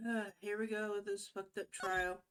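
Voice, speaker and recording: A woman's voice: mid-range voice, level tone, moderate pace, a bit bright, a little hiss or hum. A woman chatting casually and rambling while streaming a video game.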